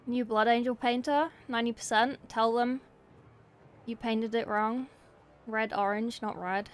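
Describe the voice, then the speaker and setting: A woman's voice: a little high, fairly even intonation, a little slow. A woman from England and New Zealand, with an English accent that carries New Zealand traces, chatting playfully with viewers while she paints miniatures and answering the chat in short bursts.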